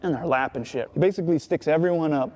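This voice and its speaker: A skateboarder with a fairly high, slightly mellow voice talks fast in an interview about his past, casual and profane, sprinkling in "right?" and "you know" constantly.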